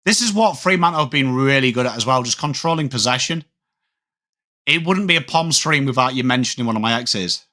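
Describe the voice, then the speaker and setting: A Yorkshire-accented man in his thirties from England hosts a sports watchalong livestream, talking with viewers as he takes their comments. His voice is medium-pitched, bright and forceful, with lively intonation and a slightly quick pace.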